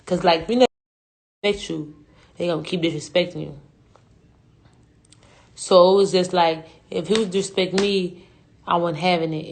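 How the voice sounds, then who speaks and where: Young woman rambling on a live stream, kinda low voice, lots of slang and cussing. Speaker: rapper. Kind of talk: casual storytelling on a livestream.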